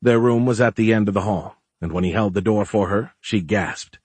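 A man narrates a novel in a deep, slightly husky voice. His reading is measured and even. The recording is dry and close, with no room sound. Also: dry recording. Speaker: audiobook narrator. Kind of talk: scripted narration.

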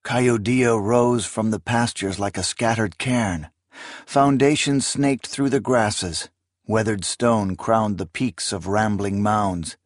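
A male narrator reading a fantasy audiobook with solemn, deliberate weight. His voice sits low and he takes his time over each phrase. The studio sound is dry and close. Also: no room sound.

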